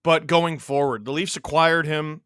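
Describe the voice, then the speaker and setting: A man from Canada hosting a live hockey watch-along, mixing excited play-by-play with reading chat messages and shouting on big plays. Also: a little high, unhurried, clear, resonant tone, no echo, studio quality. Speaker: livestream host watching a hockey game.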